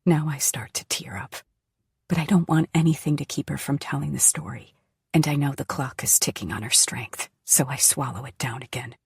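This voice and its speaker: A woman narrating a first-person audiobook in a hushed, often whispery voice. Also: very deep voice, moderate pace, creaky, breathy edge, dry recording, studio quality.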